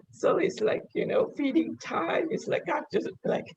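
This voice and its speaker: A woman from Singapore, earnest and soft as she chats on a video call. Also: extremely high pitch, moderate pace, vocal fry, a little hiss or hum. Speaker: course participant and carer for her mother. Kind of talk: casual video-call chat. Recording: muffled video-call audio.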